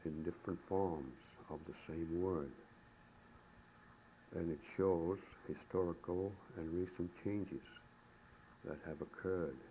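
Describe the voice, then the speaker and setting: A man giving a recorded language lesson, saying the sounds slowly and deliberately, one syllable at a time. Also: low-pitched, warm tone, poor audio. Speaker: language teacher. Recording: old tape recording with faint hiss.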